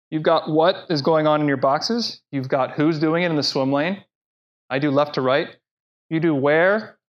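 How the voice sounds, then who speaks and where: A man giving a conversational conference presentation who speaks directly to the audience with plenty of energy. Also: on the high side. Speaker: speaker at a live professional talk. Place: presentation room. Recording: dull lo-fi live talk recording.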